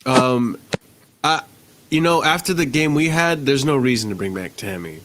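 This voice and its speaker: A man co-hosting a casual football chat, excitable, laughing often and swearing casually. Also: medium pitch, normal speed. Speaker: podcast co-host.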